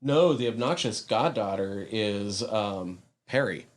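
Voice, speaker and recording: A man co-hosting a podcast in casual chat, relaxed, laughing often and pausing with fillers. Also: fairly low pitch. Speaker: podcast co-host.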